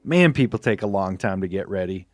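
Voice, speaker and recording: A relaxed male podcast guest chats loosely and keeps chiming in with quick agreement. His mid-range voice moves up and down freely and sounds dry and near. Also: low-pitched, dry recording. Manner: laid-back, brief agreeing interjections and easy laughs. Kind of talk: casual chat.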